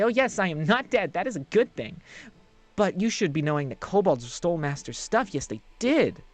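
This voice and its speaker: A streamer voicing an excitable little female kobold servant who speaks in the third person, squeaky and sing-song, repeating herself. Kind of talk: live-streamed game voice acting.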